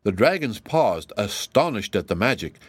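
A man narrating a storybook in a steady, measured way. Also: lowish voice, no room sound. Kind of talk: storybook reading.

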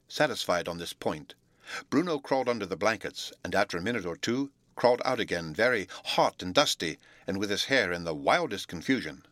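A man reading a storybook aloud, narrating in a steady, even way between the voiced lines. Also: sits low, brisk, no room sound. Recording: dry close recording.

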